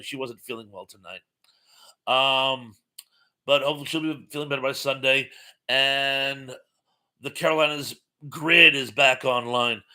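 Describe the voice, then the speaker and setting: On a spontaneous live stream, a man reads his viewers' comments aloud and talks loosely, rambling with plenty of ums and uhs. His voice is mid-range, pushed and bright.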